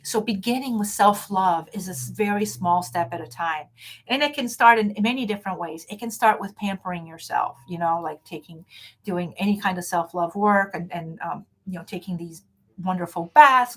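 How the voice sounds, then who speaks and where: A woman's voice: mid-range voice, a bit bright. A woman hosting a motivational talk over a video call, speaking frankly and emphatically with self-assurance. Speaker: host.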